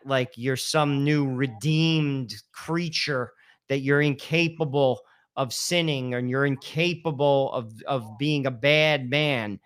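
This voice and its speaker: Bright-voiced man in his fifties. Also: mid-range voice, clean tone. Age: 50s. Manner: emphatic, repeats "listen" and "you know". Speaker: podcast co-host. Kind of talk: casual religious talk.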